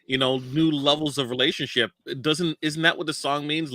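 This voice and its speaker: A man joins a podcast as a guest and chats casually in a playful way. His voice is bright and forceful, at a mid pitch. The recording is close and dry. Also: steady tone, moderate pace, no room sound.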